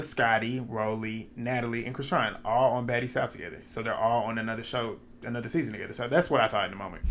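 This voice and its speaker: A man's voice: medium pitch, fairly bright tone. A man hosts a laid-back recap of a reality series. He is chatty and opinionated, often laughing and speaking straight to his audience as if among friends. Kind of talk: casual recap commentary.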